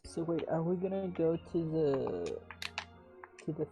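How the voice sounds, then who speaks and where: Confused player asking questions. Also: male voice, on the high side, sing-song, unhurried, music in the background. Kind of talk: casual chat during a tabletop game.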